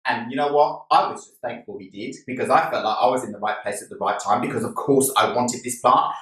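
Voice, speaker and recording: Excited man gushing in a roomy space. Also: medium pitch, brisk. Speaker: plant vlogger. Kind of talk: casual haul video. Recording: roomy sound from a distant mic.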